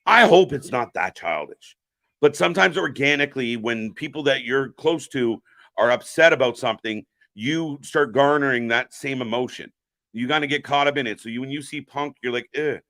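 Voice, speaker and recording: Guy doing loose live stream commentary, bright voice, swears a lot, talks to chat. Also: mid-range voice, normal speed. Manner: profane, rambling, jokey, chats with viewers. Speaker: live stream host reacting to wrestling.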